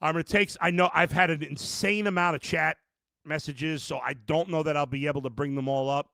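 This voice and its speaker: A middle-aged man hosts a live postgame reaction sports podcast, ranting emphatically at viewers, calling them "folks," and restarting his sentences often. His voice sits on the high side with fairly even intonation and a fairly quick pace. It sounds pushed and bright with vocal fry, and there's no echo.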